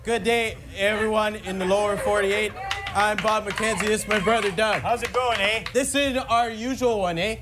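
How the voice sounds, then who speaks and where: A man's voice: high-pitched, fairly even intonation, noisy background, pitched above the performer's own voice, lightly acted. A man putting on two goofy Canadian brothers with exaggerated Canadian accents, tacking eh onto lines. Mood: jokey. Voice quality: goofy, drawn-out vowels, ending lines with eh.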